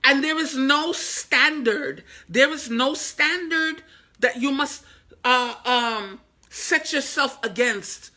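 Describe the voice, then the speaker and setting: A woman's voice: high voice, slow, bright, forceful tone. A woman who is a motivational speaker and author, giving an inspirational faith talk in an emphatic, repetitive, preacher-like cadence and speaking straight to the listener. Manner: addresses the listener directly, coaxing.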